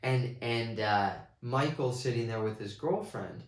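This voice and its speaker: A man's voice: medium pitch, a little slow. Guy rambling through a movie review, restarts a lot, echoey room. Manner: rambling, many restarts, excitable retelling.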